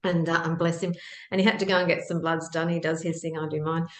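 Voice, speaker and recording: A middle-aged woman co-hosting a podcast, telling stories in a lively, emphatic way and laughing often. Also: low voice, quick pace. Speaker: podcast co-host. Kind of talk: casual chat, anecdotal storytelling. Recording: echoey room.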